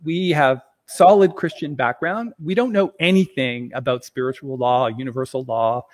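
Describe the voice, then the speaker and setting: A man's voice: medium pitch, moderate pace. A man casually telling a personal story as a guest, rambling, with plenty of fillers and chuckles.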